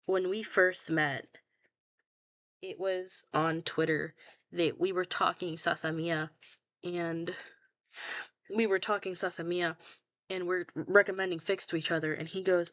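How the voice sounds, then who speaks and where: A woman's voice: on the low side, fairly even intonation, unhurried, long pauses, fairly bright tone, dry recording. A young woman chatting casually about her own fan fiction, blunt and self-mocking, swearing freely and laughing at herself. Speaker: fanfiction writer scrolling her own archive.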